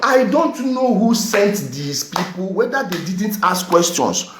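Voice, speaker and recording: Nigerian male vlogger, fiery rant full of rhetorical questions, high animated pitch, roomy echo. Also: unhurried. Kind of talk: heated commentary rant.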